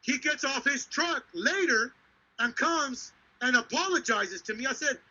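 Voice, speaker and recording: A man's voice: very high voice, lively intonation, unhurried, bright, forceful tone, breathy edge. A man hosting a live talk show, telling a story in a heated, profane and emphatic way. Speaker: show host. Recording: dull lo-fi sound.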